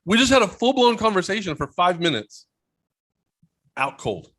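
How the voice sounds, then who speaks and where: A young man co-hosting a podcast, telling stories in a casual, animated way with some swearing. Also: sits high, moderate pace. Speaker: podcast co-host. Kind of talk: casual chat.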